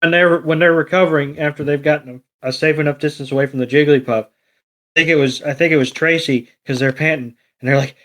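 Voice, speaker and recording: A man's voice: on the high side, steady tone, quick pace, a bit bright. A man co-hosting a podcast in casual banter, joking and swearing playfully. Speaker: podcast co-host.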